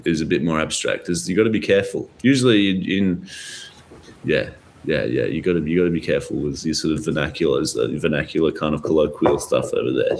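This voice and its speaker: A Melbourne-born jazz pianist and teacher, appearing as a podcast guest, chats casually in an Australian accent. His low-sitting voice rambles through stories packed with fillers, over slight background noise.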